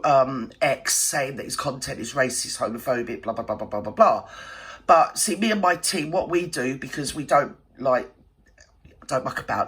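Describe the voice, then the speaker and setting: A man's voice: medium pitch, a bit bright, breathy edge. A man voicing a brash, gossipy older widowed woman, rambling and indignant in a satirical monologue. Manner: rambling, indignant, threatening, full of fillers. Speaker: satirical channel host.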